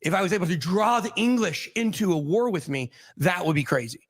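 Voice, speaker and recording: A man's voice: high voice, expressive, a little fast. A man hosting a casual talk show, speculating in a rambling way with many restarts and fillers. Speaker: host.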